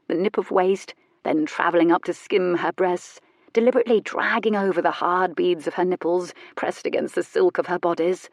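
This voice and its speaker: A woman reading a romance audiobook in a soft, measured, intimate narration. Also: fairly low pitch, dry recording.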